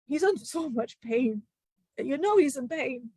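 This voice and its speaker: A woman channeling the spirit of an ancient male disciple, telling a grieving testimony in halting, emotional bursts with many restarts. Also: high-pitched, animated, dark tone, dry recording. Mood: solemn.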